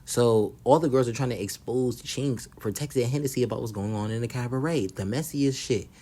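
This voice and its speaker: A man's voice: medium pitch, brisk, warm tone. A young man casually recapping a reality show, blunt and profane, gossiping and acting out what the cast said.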